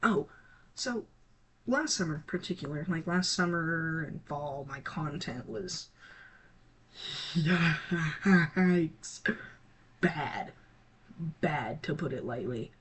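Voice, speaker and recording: A teenage gaming creator talking casually to viewers, halting and scattered, with many restarts and trailing thoughts. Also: medium pitch, animated, fairly bright tone, husky. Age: teens. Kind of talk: casual rambling talk to viewers.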